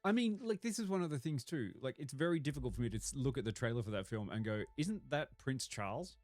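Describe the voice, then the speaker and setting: A man's voice: mid-range voice, animated, fast, darkish tone, no echo. A man co-hosting a podcast in casual banter, dismissing things with blunt one-word verdicts. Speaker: podcast co-host.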